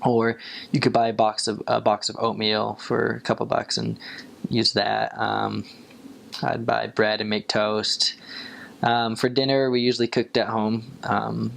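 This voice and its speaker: Speaking at a measured pace in a gravelly voice, a young returned missionary shares casual stories full of fillers, his pitch leaping up when he quotes others.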